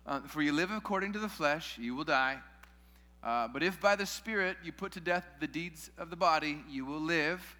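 A man's voice: fairly high pitch, moderate pace, sharp tone. A man preaching a sermon in a casual way, with joking asides to his listeners. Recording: long hall reverb.

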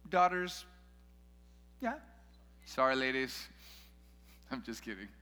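A man's voice: medium pitch, animated, takes it slowly, bright, forceful tone, faint music behind. A man preaching a sermon in a casual way, with joking asides to his listeners. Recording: long hall reverb.

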